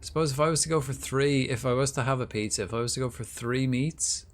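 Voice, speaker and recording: A man's voice: mid-range voice, steady tone, quick pace. A man livestreaming a video game, chatting casually and rambling as he thinks aloud. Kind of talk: casual gameplay commentary.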